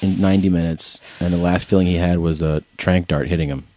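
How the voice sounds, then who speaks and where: A man's voice: sits low, fairly even intonation, fast, mellow, dry recording. A man co-hosting a podcast, chatting casually and ranting in an exasperated, profane way. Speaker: podcast co-host.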